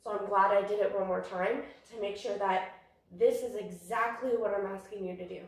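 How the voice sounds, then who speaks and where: A woman's voice: medium pitch, fairly even intonation, moderate pace. A young woman dog trainer, out of breath, giving a chatty, rambling training lesson. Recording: echoey room from far off.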